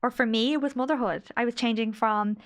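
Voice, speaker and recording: A woman's voice: fairly high pitch, fairly even intonation, brisk. A woman in her late thirties, a podcast guest and angel healer, telling stories in an effusive, emotional way. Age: late 30s. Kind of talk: casual podcast conversation.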